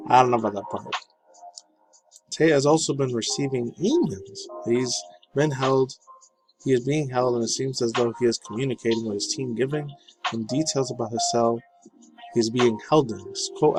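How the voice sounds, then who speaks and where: A man's voice: mid-range voice, brisk, poor audio. A man hosting casual news commentary, laid-back and profane, rambling as he reads and reacts. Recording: voice over lofi background music. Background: lofi music.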